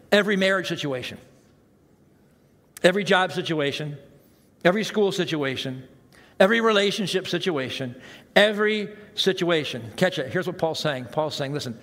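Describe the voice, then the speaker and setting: A man preaching a sermon as pastor, animated and self-mocking, acting out the reactions he quotes. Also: high-pitched, normal speed. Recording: long hall reverb.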